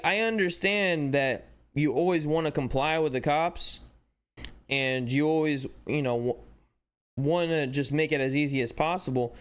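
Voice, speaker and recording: A man hosting a sports channel, giving casual, animated commentary with exasperated rhetorical questions and lots of "like". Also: a little high. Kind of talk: casual commentary breaking down footage.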